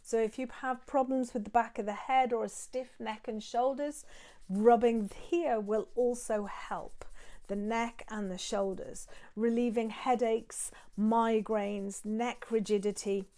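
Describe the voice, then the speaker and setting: A woman leads an acupressure and breathing session, talking listeners through each step in a calm, steady way. Her voice sits a little high and carries a gravelly edge. She demonstrates on her own hands as she goes. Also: unhurried. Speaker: acupressure and qigong teacher. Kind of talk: guided acupressure and breathing instruction.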